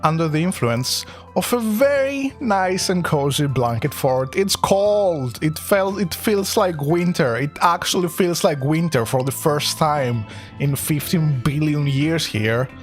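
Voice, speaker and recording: Woman, young adult, playful, giggly, livestream chat, swooping lively pitch. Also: a little slow, soft background music. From Greece. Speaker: VTuber streamer. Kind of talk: casual gaming livestream chat.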